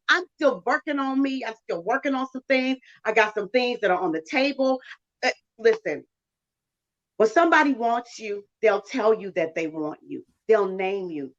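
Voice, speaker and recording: A woman talking about faith and relationships in a preachy, emphatic way, with big swings in pitch. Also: muffled recording. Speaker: guest speaker. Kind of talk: casual preachy chat.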